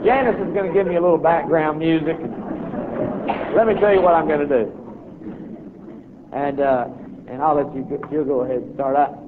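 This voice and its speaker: A preacher telling a funny story to a crowd, a man who acts out every voice and reaction. His voice sits somewhat high. The sound is thin and phone-like with a clear layer of background noise. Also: a little fast, long pauses. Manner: animated, acting out voices and reactions. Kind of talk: humorous storytelling to an audience. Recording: tinny lo-fi recording with noise.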